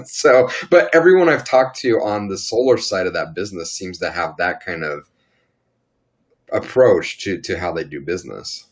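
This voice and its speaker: A man's voice: deep voice, moderate pace. A man co-hosting a casual panel podcast, talking in a rambling way with many restarts and fillers. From Utah. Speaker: podcast co-host.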